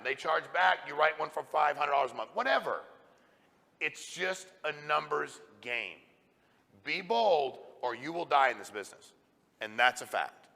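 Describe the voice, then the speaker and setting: A middle-aged man, a company president, giving a blunt, forceful motivational talk to a live audience. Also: mid-range voice. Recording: reverberant hall sound.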